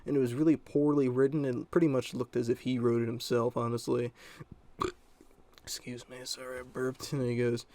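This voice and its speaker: A man's voice: mid-range voice, level tone, brisk, warm tone, no echo. A young man telling a story-time vlog in a rambling, casual way full of fillers. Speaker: storyteller vlogger.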